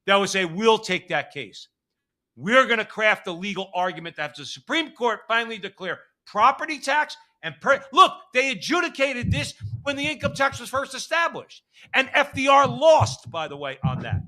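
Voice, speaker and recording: Bright, belligerent ranting man. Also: a little high. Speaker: co-host. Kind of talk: heated political commentary.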